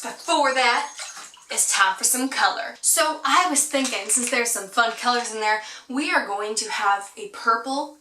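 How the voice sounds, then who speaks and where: A woman's voice: fairly high pitch, sharp tone, a little hiss or hum. A young adult woman vlogging in casual chat, rambling, giggly and playfully sarcastic. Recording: roomy echo, mic at a distance.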